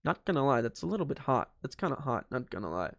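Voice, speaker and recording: A man's voice: mid-range voice, sing-song, fast, gravelly, no room sound. A young man reading a fan story aloud, breaking off for joking, sarcastic asides. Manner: joking, sarcastic asides and mock-dramatic voices. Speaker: YouTuber.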